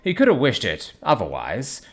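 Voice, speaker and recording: A man giving a dramatic, expressive scripted narration of an audiobook. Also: mid-range voice, moderate pace.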